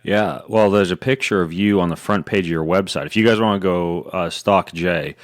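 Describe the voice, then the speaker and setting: A man's voice: low voice, moderate pace, no echo. A man hosting a podcast interview, teasing his guest in easy banter. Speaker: podcast host. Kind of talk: casual interview chat.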